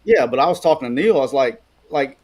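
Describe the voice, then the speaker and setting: A man's voice: medium pitch, quick pace. A middle-aged man from Alabama co-hosting a casual sports chat, telling rambling stories full of restarts. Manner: rambling, animated storytelling with restarts. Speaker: co-host.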